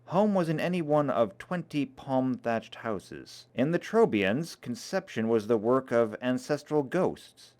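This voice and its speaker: A man reading a novel aloud in a dramatic, expressive way. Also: medium pitch, measured pace, few pauses. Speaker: reader.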